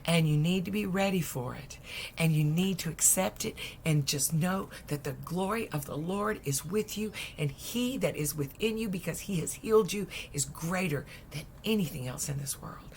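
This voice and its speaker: A woman preacher retelling a Bible story in a lively, conversational sermon, dropping at times into soft whispers. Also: low-pitched, moderate pace, a little hiss or hum. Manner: lively, acts out voices, drops to whispers.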